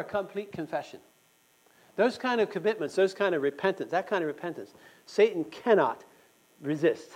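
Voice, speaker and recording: A man's voice: high-pitched, poor audio. A man giving a conversational sermon at a church meeting, earnest and talking straight to his listeners with questions. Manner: earnest, asks the audience questions. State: just had a tooth pulled. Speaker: church speaker.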